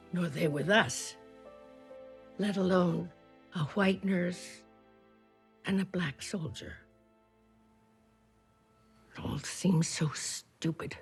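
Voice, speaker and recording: A tender elderly former war nurse. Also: female voice, low-pitched, vocal fry, full character voice. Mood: wistful. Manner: soft, reflective, drops to a whisper at times. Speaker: former wartime nurse recalling her past. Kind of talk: first-person docudrama narration.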